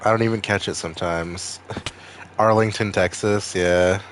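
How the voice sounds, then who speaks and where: A man's voice: low-pitched, steady tone, a little slow, slight background noise. A man with a Maine accent streaming a video game, chatting casually with viewers in a rambling, freely swearing way. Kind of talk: casual gaming stream chat.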